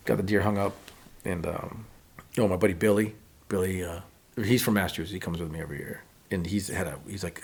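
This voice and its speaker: A man in his thirties, a podcast guest telling hunting stories in a casual, animated way. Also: deep voice, fast, slightly rough. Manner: animated, acts out quotes of others. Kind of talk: casual storytelling.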